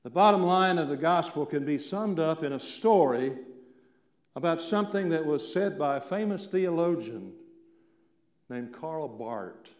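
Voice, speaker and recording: Man, pastor, sermon, from central Appalachia, loud-to-whisper swings, roomy church echo. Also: on the high side, lively intonation, unhurried. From central Appalachia, Virginia and eastern Kentucky. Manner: dramatic swings from loud declaration to hushed near-whisper. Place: church sanctuary. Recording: echoey church room.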